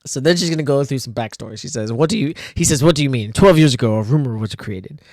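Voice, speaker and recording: A man's voice: medium pitch, fast, a little mellow, no echo, clean studio sound. A man casually reading through his own old comic, laughing a lot and poking fun at himself with many fillers. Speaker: comic artist reviewing own old work.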